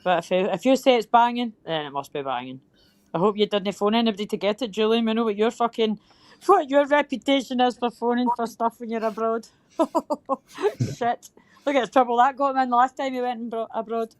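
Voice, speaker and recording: A woman's voice: on the high side, brisk, no echo. A woman hosting a livestream in casual chat, teasing people with lots of swearing and laughter. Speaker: livestream host.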